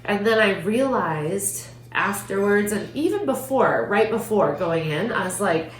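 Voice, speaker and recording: A woman's voice: medium pitch, animated, measured pace, hardly any pauses. A woman hosting a podcast, telling a personal story in an earnest, heartfelt way, often saying "like". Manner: earnest, heartfelt, frequent "like" fillers. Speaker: podcast host. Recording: roomy echo with faint hum.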